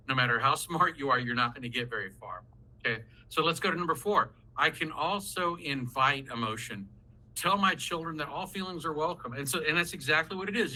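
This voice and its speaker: Animated, folksy man with a bright voice. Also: fairly high pitch, poor audio. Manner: animated, folksy, acts out quoted parents and kids. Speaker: psychologist leading a parent workshop. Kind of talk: lively workshop talk. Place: video call.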